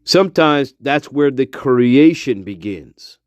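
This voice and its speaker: A man hosts a casual livestream, giving his viewers a swearing, fired-up pep talk. He speaks slowly in a slightly high voice that swings widely in pitch. The sound is dry and close. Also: lively intonation, no echo. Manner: profane, emphatic pep talk to chat viewers. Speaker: livestream host.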